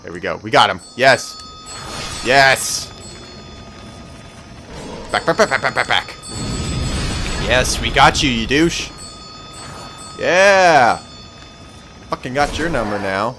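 Excitable young man narrating his game. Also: mid-range voice, slow, pauses often, music in the background. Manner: excitable, swearing, talks to himself. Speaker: gameplay commentator. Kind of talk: let's play commentary.

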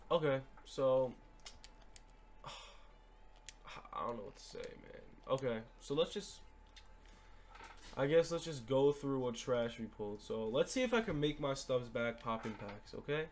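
A young man giving gaming commentary as he opens card packs, swinging between hyped shouts and deflated mumbling. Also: mid-range voice, a little hiss or hum. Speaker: gaming YouTuber. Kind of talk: pack-opening commentary.

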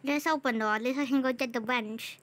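A woman's voice: sits high, fairly even intonation, fast, fairly bright tone. A woman giving casual commentary while playing a game, chatty and jumpy, narrating every move, repeating herself and trailing off. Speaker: gameplay channel host.

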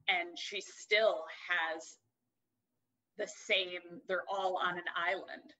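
A woman's voice: lowish voice, fairly even intonation, slow, sharp tone, rough recording. A young adult woman co-hosting a podcast, chatting casually and swearing freely as she rants. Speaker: podcast co-host. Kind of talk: casual chat.

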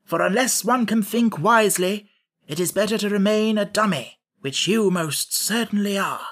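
Pompous straw king, played by a male narrator: raised, bright voice, grand and lecturing, storybook read. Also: sits high, lively intonation, normal speed, voice pushed up. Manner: grand, lecturing, easily flustered. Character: pompous straw-stuffed king, vain and touchy. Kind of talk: audiobook character voice.

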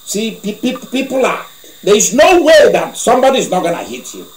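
Animated high-voiced preacher telling a story. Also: male voice, a little fast, slight background noise. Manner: animated storyteller, laughing asides. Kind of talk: sermon storytelling. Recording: echoey room.

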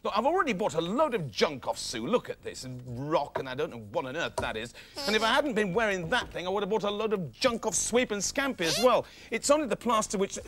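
A man's voice: high-pitched, big pitch swings, fairly quick, hardly any pauses, a bit bright, slight background noise. A man presenting a children's comedy show, talking in a flustered, pleading, comic way. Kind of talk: sitcom comedy acting.

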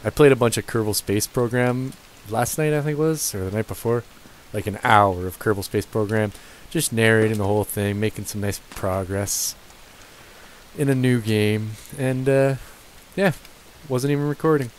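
Young man, gaming commentary, low voice, swears a lot, faint hiss behind. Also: normal speed, poor audio. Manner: profane, joking, talks to the game characters. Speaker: let's play gamer. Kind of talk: casual game commentary. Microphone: gaming headset.

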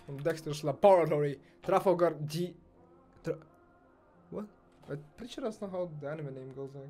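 A young man commentating on his own gameplay, excitable and foul-mouthed, swinging from muttering to yelling and ranting. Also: on the high side, normal speed. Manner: excitable, swears, rants, swings from mumbling to yelling. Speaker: gamer streamer.

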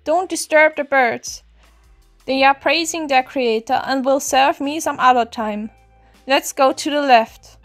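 Eager young male servant, as a woman reads him, boastful, commanding, high-pitched, brisk, storybook, faint music. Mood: urgent.

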